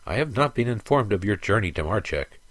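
A man voicing a formal, measured male temple brother. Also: lowish voice, big pitch swings, fairly bright tone, no echo, pitched above the performer's own voice.

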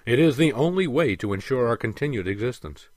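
A man reading the part of a stern aging emperor who lectures and commands with measured authority. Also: mid-range voice, lively intonation, a little mellow, no echo, clean studio sound, lightly acted.

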